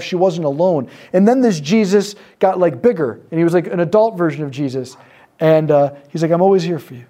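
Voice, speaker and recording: Teaching a live group about prayer ministry in sermon fashion, a man with a fairly high-pitched but dark-toned voice tells a story. He voices each character's quoted lines and allows pauses to sink in.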